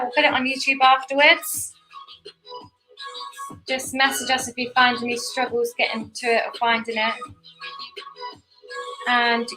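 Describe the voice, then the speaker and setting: A woman's voice: fairly high pitch, sharp tone, rough recording. A young woman giving a chatty, encouraging step-by-step painting lesson for kids while she paints. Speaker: painting instructor.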